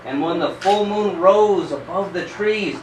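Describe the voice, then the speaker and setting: A man reading a picture book aloud to children at a school event, pausing to show the pictures. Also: high voice. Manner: pauses to show the pictures, checks in with okay. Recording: echoey room, distant mic, background noise.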